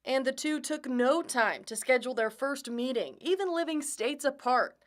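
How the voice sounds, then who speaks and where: A woman reporter narrating a news story in a measured, polished way. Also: high-pitched.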